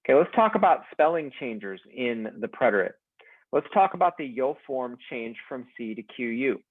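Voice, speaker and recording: Spanish teacher drilling verbs, phone-thin sound. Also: male voice, mid-range voice, no echo. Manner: slow, deliberate drill delivery with repeat-after-me pauses. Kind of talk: recorded class lecture. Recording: dry, phone-like narrow sound.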